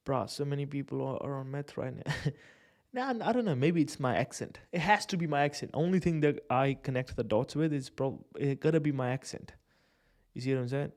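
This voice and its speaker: A man's voice: medium pitch, lively intonation, a little fast, darkish tone. A man giving casual live commentary on a day-trading stream, swearing, using slang and laughing often as he talks through charts.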